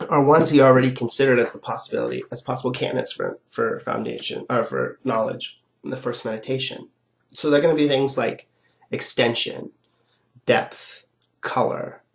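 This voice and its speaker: A man lecturing on philosophy in a voice that is rough and gravelly from being sick. He explains ideas step by step with everyday examples, in a loose, conversational way. He keeps checking in with his listeners with a quick "right?". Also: medium pitch. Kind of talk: recorded lecture.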